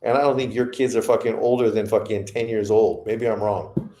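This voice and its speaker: A man's voice: fairly low pitch, steady tone, fairly quick, mellow, echoey room. A man hosting a boxing livestream who rants in profane commentary. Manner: profane, ranting. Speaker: boxing show host.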